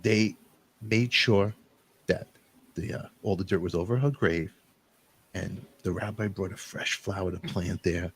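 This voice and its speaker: A middle-aged man hosting a talk show, rambling through animated, emotional storytelling and quoting friends. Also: sits low, a little slow, breathy edge. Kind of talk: emotional casual chat.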